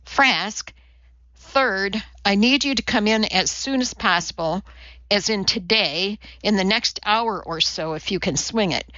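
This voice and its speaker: Woman doing a brisk, brash female boss. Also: medium pitch, pushed and bright, no room sound, lo-fi sound. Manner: brisk, profane, bossy. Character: blunt brash woman executive.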